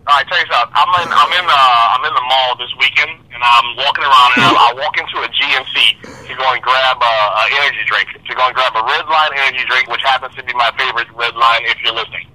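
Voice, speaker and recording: A man calling in as a guest, telling a rambling story in an animated way and repeating himself. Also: mid-range voice, fast, few pauses, a crowd in the background, rough recording. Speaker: guest caller, fighter. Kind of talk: casual phone-in storytelling.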